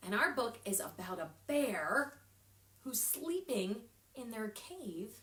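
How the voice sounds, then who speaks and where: A woman children's librarian reading a picture book aloud at storytime, animated and expressive, with sound effects and whispered asides. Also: fairly high pitch, slow. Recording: echoey room.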